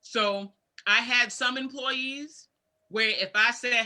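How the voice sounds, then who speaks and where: A woman's voice: on the high side, steady tone, slow, bright, forceful tone. A woman co-hosting a casual panel talk show, giving practical advice and repeating her key points. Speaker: podcast co-host.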